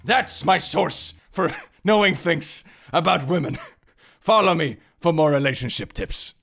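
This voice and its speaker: A man voicing a smug fake alpha-male dating guru, lecturing with mock confidence in a gravelly, husky voice. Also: fairly high pitch, expressive, unhurried, a bit bright, pitched above the performer's own voice, full character voice.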